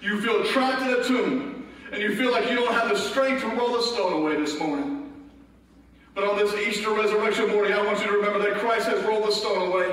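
A man preaching an impassioned sermon, rising to shouts and dropping to hushed asides. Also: high-pitched, a little fast, heavy reverb, long reverb tail, far from the mic, rough recording. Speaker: pastor. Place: church sanctuary.

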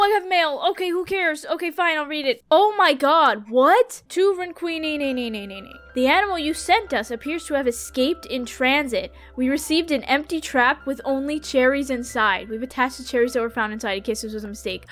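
Excitable bright-voiced woman gamer. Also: high voice, normal speed, hardly any pauses, faint music behind. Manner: excitable, pleading and cursing at the game. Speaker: gaming YouTuber. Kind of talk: casual gameplay commentary.

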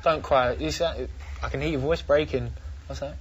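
Taunting boxer at a press conference. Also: male voice, medium pitch, noisy background. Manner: taunting and mocking; slow, deliberate threats. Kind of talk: press conference trash talk.

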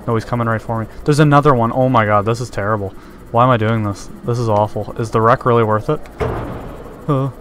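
A man's voice: mid-range voice, fairly even intonation, fast, a bit bright, slight background noise. Jittery young-sounding male gamer. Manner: nervous, easily startled, screams when scared. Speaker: gameplay commentator. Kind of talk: let's play commentary.

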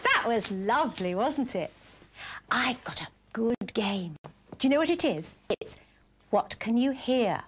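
A woman's voice: on the high side, lively intonation, measured pace, background noise. A woman presenting a children's television programme, talking to small children in an encouraging, playful, sing-song teacher's manner. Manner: playful, gently coaxing.

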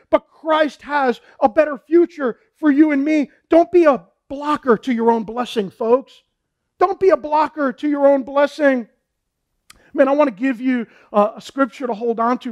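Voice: sits high, a little mellow. A pastor preaching a sermon in a fervent, repetitive way, often saying "man" and "folks".

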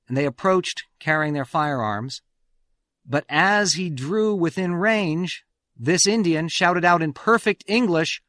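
A man's voice: on the high side, takes it slowly, a bit bright, no room sound, studio quality. A man hosting a radio history program, telling the story with emphatic, swelling stresses on key words. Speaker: radio host.

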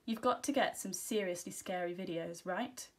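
A woman's voice: on the low side, moderate pace, slightly rough. A woman reading aloud, voicing a bossy know-it-all schoolgirl in a storybook.

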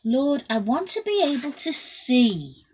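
A woman's voice: high voice, sing-song, slow, a little hiss or hum, voice pushed up, exaggerated voice, poor audio. A woman voicing a blind male beggar who cries out at the top of his voice for help. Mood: pleading. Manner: shouting desperately at full voice.

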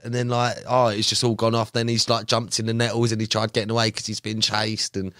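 A young man, a podcast guest, chatting casually and telling animated, slangy stories full of fillers. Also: lowish voice, brisk, no echo, studio quality. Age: young adult. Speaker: podcast guest, carp angler. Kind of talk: casual chat.

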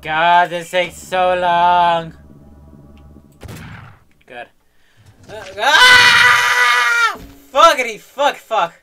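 A young man commentating a game he is playing, yelling in sudden bursts and muttering quietly in between, swearing and joking. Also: sits high, animated, very slow, pauses often, clean tone, faint music behind. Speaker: gaming commentator. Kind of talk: let's play commentary.

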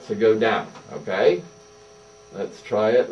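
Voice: medium pitch, sing-song, moderate pace, darkish tone. A speech therapist coaching a young child through voice exercises, with encouraging, sing-song praise. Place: indoor therapy room. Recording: distant mic with faint mains hum.

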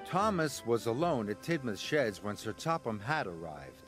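A man narrating a children's story in an expressive storybook style. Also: medium pitch. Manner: slow, expressive. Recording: music bed underneath. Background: music.

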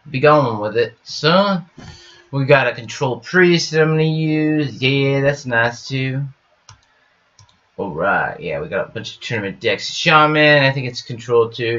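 A man chatting his way slowly through a card game, mumbling the same easy phrases over and over and dropping goofy asides. His voice sits at a middling pitch and comes through a slightly dull, lo-fi home setup. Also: fairly bright tone. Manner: rambling, repeats stock phrases, jokey goofing around. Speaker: gaming streamer. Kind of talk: casual gameplay commentary. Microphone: webcam setup at home.

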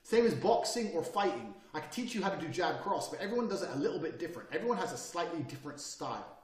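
A man in his thirties giving a blunt, profane motivational lecture, forceful and brash as he tells his listeners how to speak and carry themselves. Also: on the high side, very animated, fast. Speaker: course instructor. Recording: roomy sound, mic at a distance.

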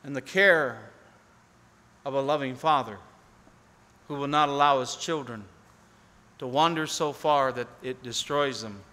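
A man preaching a sermon as pastor, earnestly, rising to pleading appeals and falling to near-hushed tones. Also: mid-range voice, a little slow, pauses often. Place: church sanctuary. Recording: long hall reverb.

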